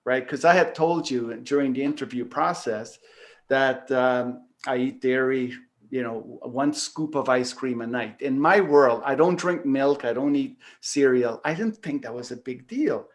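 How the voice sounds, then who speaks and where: A man's voice: mid-range voice, measured pace. A man hosting a talk show, casually telling a personal story, rambling with lots of fillers and the odd swear word. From Canada. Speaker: podcast host.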